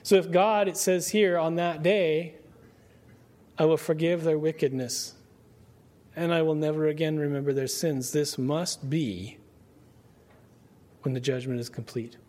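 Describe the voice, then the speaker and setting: A man preaching a Bible-study sermon in a conversational way, asking his listeners rhetorical questions and slowing down to read scripture aloud. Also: a little high, fairly even intonation, a little mellow.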